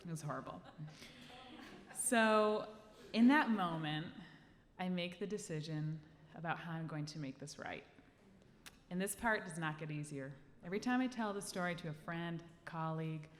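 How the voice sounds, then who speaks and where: A woman's voice: sits low, moderate pace, pauses often. A woman telling a story live on stage. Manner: lively, animated, acts out the scene. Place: live venue stage with audience. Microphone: handheld mic. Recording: live hall reverb, faint room noise.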